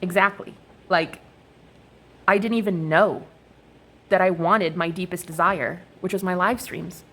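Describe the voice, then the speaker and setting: A woman's voice: lowish voice, measured pace, pauses often, breathy edge. A young woman talking to her viewers in a casual, rambling, profane monologue while reading oracle cards. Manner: profane, expressive, animated storytelling.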